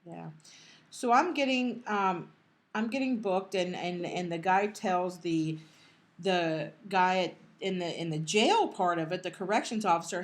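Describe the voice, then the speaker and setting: Middle-aged woman co-host, emotional storyteller, halting, restarts, quotes others in passing. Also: lowish voice. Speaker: podcast co-host. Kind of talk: casual storytelling.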